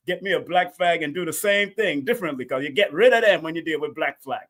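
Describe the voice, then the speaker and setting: A man's voice: on the high side, fast talker, few pauses. A man hosting a live call-in stream, talking casually and repeating himself with lots of energy. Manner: repetitive, animated, talks to chat and callers.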